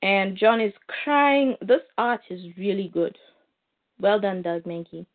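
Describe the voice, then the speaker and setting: A woman's voice: medium pitch, expressive, slow. A woman reviewing comics in a casual recap, retelling the plot with fillers and asides. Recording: tinny phone-like line.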